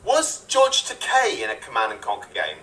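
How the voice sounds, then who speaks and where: A man's voice: mid-range voice, wildly swooping pitch, normal speed, pushed and bright, distant mic, a little hiss or hum. A man co-hosting a casual panel chat, jokey and teasing. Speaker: co-host.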